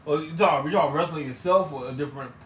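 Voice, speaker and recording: A man's voice: on the high side, fast, a bit bright, far from the mic. A man, co-hosting a casual podcast, rambling through stories and repeating his phrases. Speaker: podcast co-host. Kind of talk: casual chat. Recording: echoey room with faint noise.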